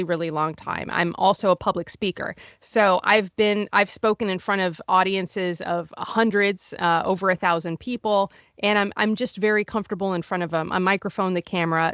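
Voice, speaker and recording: A woman's voice: medium pitch, fairly bright tone, no echo. A woman guest in a conversational interview, speaking articulately with frequent restarts and repeated words. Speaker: guest, wheelchair travel blogger.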